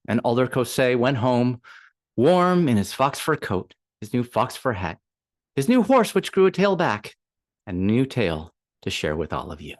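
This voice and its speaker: A man telling a folktale aloud to a storytelling group, expressive and acting out the scenes. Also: mid-range voice, moderate pace. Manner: lively, expressive, acts out voices.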